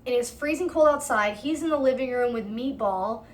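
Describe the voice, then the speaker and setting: A woman in her twenties tells a long storytime vlog with heated, profane energy. Her voice sits a little high. She replays her own side of the arguments in the telling. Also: normal speed, a little hiss or hum. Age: 20s. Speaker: storytime vlogger. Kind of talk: casual storytime narration.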